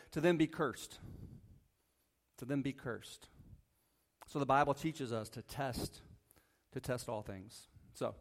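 A man preaching a conversational sermon as a pastor, reading Bible verses, often checking in with the congregation and joking lightly. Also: on the high side. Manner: casual, asks the congregation "right?" often, jokes lightly. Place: church sanctuary.

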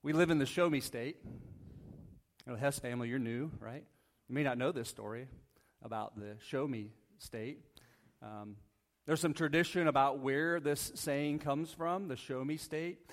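A man's voice: mid-range voice, a little slow. A man preaching a conversational sermon as a pastor, reading Bible verses, often checking in with the congregation and joking lightly. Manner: casual, asks the congregation "right?" often, jokes lightly. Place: church sanctuary.

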